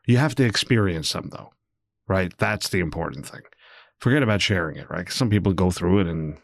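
A young man hosting a solo podcast, talking candidly and rambling, swearing freely as he swings between low muttering and animated bursts. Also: no room sound, studio quality. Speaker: podcast host.

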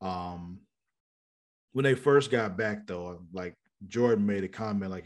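A man's voice: fairly low pitch, a little slow. A man co-hosting a casual chat about a TV episode, swearing freely and acting out characters. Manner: profane, animated, acts out characters in quotes. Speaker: podcast co-host.

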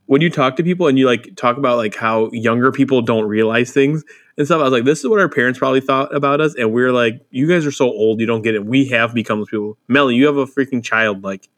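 A man's voice: mid-range voice, quick pace, a bit bright. A man co-hosting a podcast, rambling through stories in casual chat and swearing freely. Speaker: podcast co-host. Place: Chicago area.

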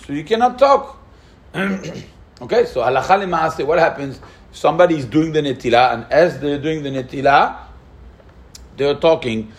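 A man teaching a class on Jewish law, asking lively questions and mixing Hebrew terms into his English. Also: a little high, normal speed. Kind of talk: spoken Jewish law lesson.

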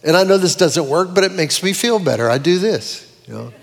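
A man preaching a sermon in an animated way, with dramatic swings in his voice as he quotes scripture. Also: sits high, brisk, creaky, in a large hall. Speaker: pastor.

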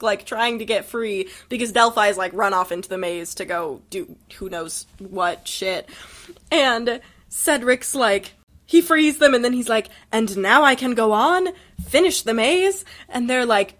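A woman's voice: a little high, unhurried, a bit bright. A woman co-hosting a casual book podcast, wry and critical, laughing often as she retells scenes. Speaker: podcast co-host.

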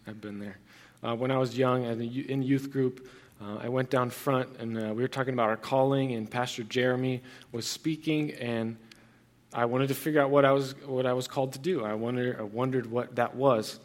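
A man's voice: medium pitch, steady tone, moderate pace. A young man preaching a sermon as pastor, earnest and conversational, with frequent restarts and fillers.

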